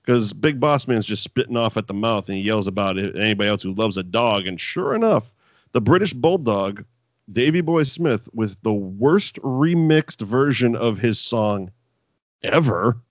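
A man's voice: lowish voice, animated, normal speed, dry recording. A man co-hosting a podcast, recapping wrestling in casual, profane chat and laughing often. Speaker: podcast co-host.

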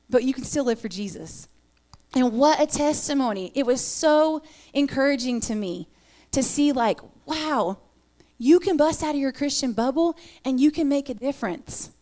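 A middle-aged woman giving an earnest, animated sermon talk with personal stories. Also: sits high, normal speed. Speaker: women's ministry speaker.

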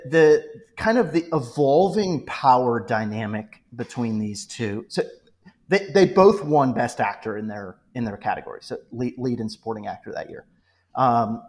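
Chatty man ranking favorite films. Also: medium pitch. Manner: animated, joking, retells film scenes. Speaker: podcast guest. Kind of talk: casual movie podcast chat.

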